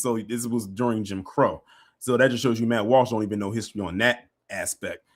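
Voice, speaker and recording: A man hosting a livestream, reacting with sarcastic, teasing commentary. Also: mid-range voice. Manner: teasing, sarcastic, laughing asides. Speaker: livestream host.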